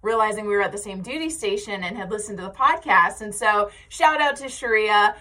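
Bright american mom talking fast and loose on her podcast, laughs a lot. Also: mid-range voice. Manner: chatty and animated, laughing often. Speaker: podcast host. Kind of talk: casual chat.

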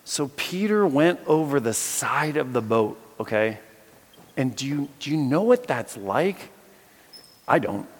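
A man giving a casual, conversational sermon, reading scripture and retelling it as a lively storyteller with playful acted asides. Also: medium pitch, a little slow, slightly rough. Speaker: preacher and philosophy teacher. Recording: echoey hall with long reverb.

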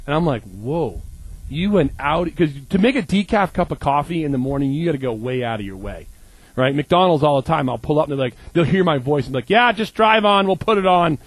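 Animated joking male preacher in his thirties. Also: a little high, fairly quick, no room sound, poor audio. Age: 30s. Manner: animated, joking, acts out little scenes. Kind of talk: humorous sermon.

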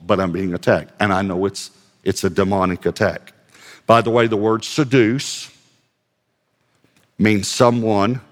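A man preaches a sermon in a low voice, and long hall reverb rings around his words. He talks in an easy, conversational way, mixes in wry humor at his own expense and reads scripture out loud. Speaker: pastor.

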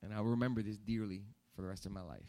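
A male pastor telling a personal story in a sermon, animated, with repeated phrases for emphasis. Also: fairly low pitch, fast.

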